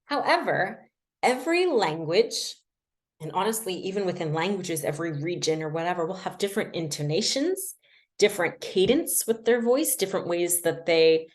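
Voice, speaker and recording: Chatty woman teaching language tips. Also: medium pitch. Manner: chatty, self-deprecating, lots of fillers. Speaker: language learning coach. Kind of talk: casual livestream teaching.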